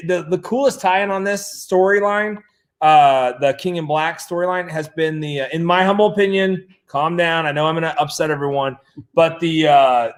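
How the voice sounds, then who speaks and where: A man co-hosting a casual chat, playful and joking, quick to get excited. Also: fairly high pitch. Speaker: co-host. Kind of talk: casual chat about comics.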